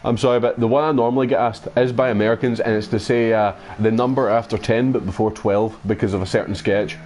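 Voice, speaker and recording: A man's voice: fairly low pitch, steady tone, quick pace, darkish tone, slight background noise. A Scottish man chatting casually while streaming a racing game, sweary and mocking, often laughing. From Scotland. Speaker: gaming streamer. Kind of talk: casual gaming stream chat.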